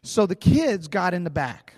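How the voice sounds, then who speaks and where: A pastor telling a personal story in a sermon, conversational and animated, in a large church hall. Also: male voice, sits high, unhurried, studio quality.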